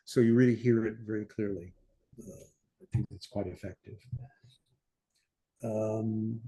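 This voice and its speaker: Older man, mellow, sings score lines. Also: mid-range voice. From United States. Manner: sings orchestral lines in scat syllables between explanations; unhurried, thinking aloud with fillers. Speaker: conductor teaching a masterclass. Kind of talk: score-study masterclass talk.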